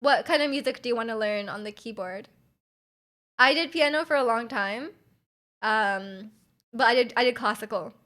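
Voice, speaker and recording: A woman streamer chatting casually with her viewers, loud and energetic, full of fillers, her volume jumping around. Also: a little high, normal speed, pauses often. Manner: chatty, many fillers, reads chat aloud. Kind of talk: casual live-stream chat.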